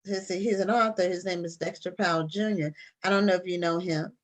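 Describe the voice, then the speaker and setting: A woman's voice: lowish voice, steady tone, brisk. Chatty woman co-host reading comments. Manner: chatty, reads viewer comments. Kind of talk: casual interview talk.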